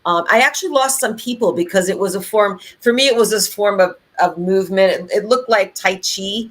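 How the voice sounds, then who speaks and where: A middle-aged woman co-hosting a podcast, chatting in an animated way with many fillers and restarts. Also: mid-range voice, brisk. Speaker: podcast co-host. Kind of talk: casual conversational podcast chat.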